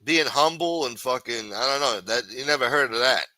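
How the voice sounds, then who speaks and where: A man's voice: medium pitch, a little fast, sharp tone, no echo. A man hosting a live stream, ranting and swearing constantly in an irritated, complaining way. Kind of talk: casual profane rant reacting to a stream.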